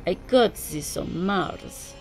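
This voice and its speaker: A woman voicing a jovial middle-aged man with a Slavic accent, slow and beaming. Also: medium pitch, lively intonation, a little mellow, faint music behind. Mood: cheerful. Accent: Slavic, put on.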